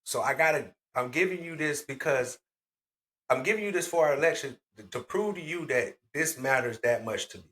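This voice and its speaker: A man co-hosting a podcast in casual chat, blunt and profane, telling animated stories. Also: mid-range voice, a little fast. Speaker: podcast co-host.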